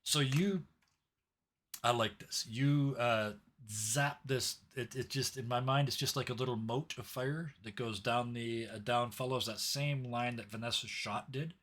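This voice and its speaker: A man's voice: mid-range voice, unhurried. Man narrating a tabletop game. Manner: relaxed storyteller with sound effects. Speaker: game master.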